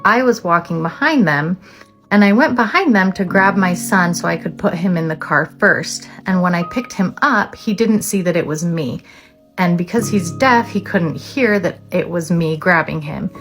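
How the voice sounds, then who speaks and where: A woman's voice: lowish voice, animated, normal speed, a bit bright, faint music behind. A woman and mother telling a candid, reflective story in a casual vlog, with frequent "um"s. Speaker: mother of deaf children.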